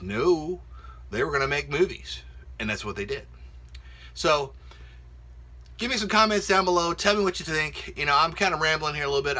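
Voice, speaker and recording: A middle-aged man ranting casually on his vlog from his home office, mocking others in squeaky put-on voices. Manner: animated, mocks others in high squeaky voices. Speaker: video blogger.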